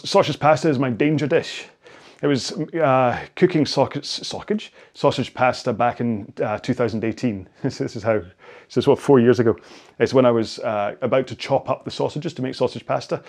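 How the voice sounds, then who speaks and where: A Scottish man in his forties talks viewers through cool-down stretches after a rowing workout. He is casual and chatty, wandering off into asides and poking fun at himself. His voice sits at an ordinary middle pitch. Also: darkish tone. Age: 40s. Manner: chatty, self-deprecating, rambling asides. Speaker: indoor rowing coach.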